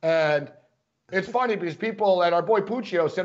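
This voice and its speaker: Man, high pitch, casual chat, rambling anecdotes, muffled recording. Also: normal speed. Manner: rambling anecdotes, lots of "like" and "you know". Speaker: sports podcast co-host.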